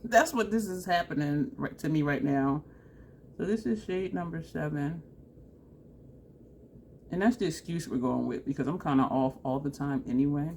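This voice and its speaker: A woman's voice: medium pitch, slight background noise. A woman chatting casually through a makeup tutorial, self-deprecating and laughing often, with a runny nose. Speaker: makeup vlogger.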